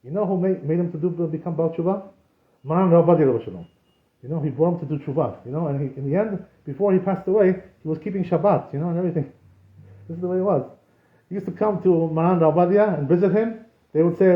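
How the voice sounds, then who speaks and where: A man's voice: fairly high pitch, quick pace. A man, a rabbi, giving an informal Torah class in a conversational way, often saying "you know" and using Hebrew terms. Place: synagogue. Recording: echoey room, dull lo-fi sound.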